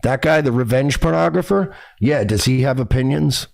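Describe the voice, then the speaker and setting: A man's voice: medium pitch, normal speed, creaky, few pauses, a little mellow. A man hosting a reaction commentary show, talking in a sarcastic, mocking and profane way.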